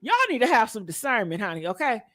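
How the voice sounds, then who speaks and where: A woman's voice: fairly high pitch, sing-song, quick pace, a bit bright. A woman giving dramatic gossip commentary, preachy and emphatic, repeating her lines for effect. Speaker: commentary vlogger.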